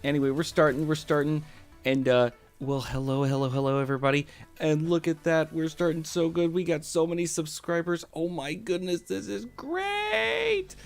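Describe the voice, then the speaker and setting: A man's voice: fairly high pitch, flat delivery, brisk, darkish tone, faint music behind. A young man streaming live, gushing thanks to his viewers with many fillers and repeated words. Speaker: VTuber streamer. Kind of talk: excited live-stream chat.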